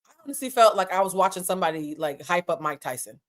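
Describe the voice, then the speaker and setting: A woman hosting a casual reality TV recap, talking candidly and brashly, swearing freely and breaking into quick asides. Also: fairly low pitch, lively intonation. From United States. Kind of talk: casual profane recap commentary.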